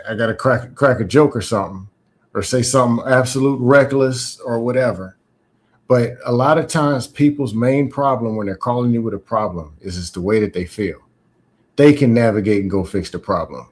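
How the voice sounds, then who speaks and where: Reflective man telling candid stories. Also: mid-range voice. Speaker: podcast host. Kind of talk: casual conversation.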